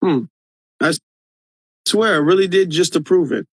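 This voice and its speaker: A man's voice: a little high, normal speed, breathy edge. Emphatic Midwestern man on a livestream. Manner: emphatic, repeats points for stress. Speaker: livestream host. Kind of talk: casual livestream commentary. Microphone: phone.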